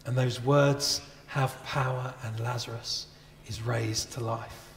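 A man's voice: mid-range voice, fairly even intonation, slow, a little hiss or hum. A man preaching a sermon as a pastor, earnest and conversational, asking his listeners many rhetorical questions. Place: church. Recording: echoey church with long reverb.

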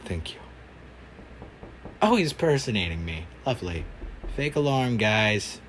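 A man's voice: fairly low pitch, sing-song, unhurried, fairly bright tone, a little hiss or hum. A man giving casual gaming commentary, reacting with dry sarcastic remarks. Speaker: gamer.

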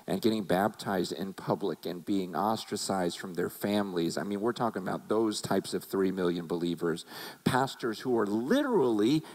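A man's voice: fairly low pitch, expressive, moderate pace, darkish tone, low-quality recording. A man preaching a sermon as a pastor, talking earnestly and conversationally and often repeating words as he restarts.

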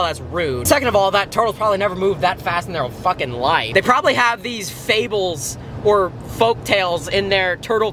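A man vlogging casually from a moving car, rambling, joking and swearing as he drives. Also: high-pitched. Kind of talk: casual vlog while driving. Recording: road noise from a car.

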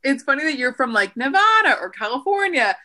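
A woman's voice: sits high, sing-song, brisk, bright, forceful tone. A woman co-hosting a casual chat podcast, playful, teasing and frank with her guest. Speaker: podcast co-host.

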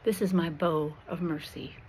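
A woman playing a gentle divine archer, soft and tender. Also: fairly low pitch, fairly even intonation, moderate pace, slight background noise, lightly acted, poor audio. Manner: tender, soft-spoken, solemn. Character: kind, powerful male divine archer, gentle and fatherly.

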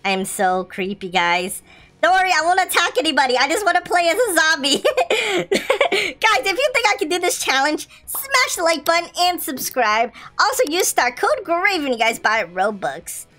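A woman's voice: sits high, very animated, a little fast, bright, forceful tone, soft background music. A young woman commentating a zombie video game, playful and giggly, often reading the game's lines aloud. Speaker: gaming YouTuber. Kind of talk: let's-play commentary.

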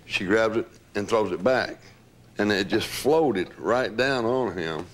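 An older man being interviewed, telling lively anecdotes with laughter and the odd curse. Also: lowish voice, slow pace. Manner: animated storyteller, laughs, swears. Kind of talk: recounting stories.

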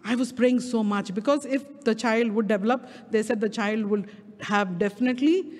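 A middle-aged woman with an Indian English accent preaching a sermon at a prayer meeting, stretching key words slowly for emphasis. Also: fairly high pitch, darkish tone. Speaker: guest speaker. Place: church prayer hall. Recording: reverberant hall.

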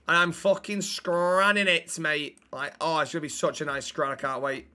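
Sweary streamer with a bright voice. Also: male voice, on the high side, fairly even intonation, moderate pace. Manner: sweary, blunt banter with chat. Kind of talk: live-stream chat while gaming.

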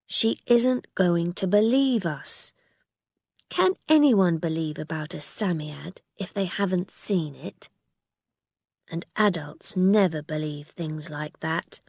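A glum, pessimistic young boy from a storybook, put on by a woman reading aloud, lowered a little and slow. The voice is breathy and husky, recorded dry and close. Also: lively intonation, a little mellow, no room sound, exaggerated voice. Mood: gloomy. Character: gloomy worried young boy.

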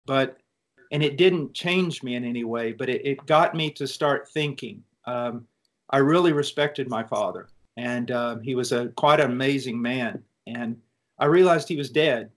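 An American preacher answering student questions, telling his own testimony in a reflective, earnest way. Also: medium pitch. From United States. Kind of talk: personal testimony in a Q&A.

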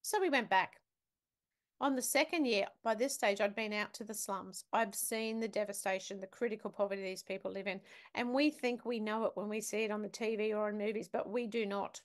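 A woman's voice: medium pitch, a little fast. A woman, a guest on a talk show, telling a story vividly and emphatically and putting questions to the listener. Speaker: podcast guest, business academic. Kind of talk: storytelling in conversation.

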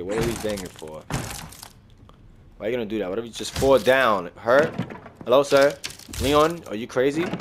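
Man, gaming host, casual let's-play commentary, slangy, jumpy outbursts, fairly low voice. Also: a little hiss or hum.

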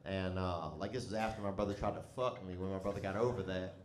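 A man's voice: sits low, steady tone, fast, reverberant. A man telling a comic story in a loose, rambling, profane way, often breaking into laughter. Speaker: comedian.

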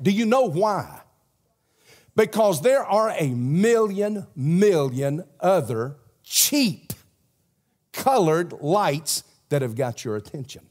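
Southern pastor guy preaching in a church, kinda high voice, gets loud then drops real quiet. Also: big pitch swings, slow pace. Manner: storytelling preacher, swings from loud emphasis to hushed prayer. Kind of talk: sermon. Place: church sanctuary.

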